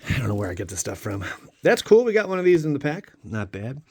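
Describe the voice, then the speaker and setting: A man's voice: medium pitch, sing-song, fast talker, slightly rough. A man hosting a casual card-opening vlog, joking and talking straight to his viewers; he is a father of a young child. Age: adult father of a young child. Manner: playful, jokey, talks to viewers. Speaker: channel host opening card packs.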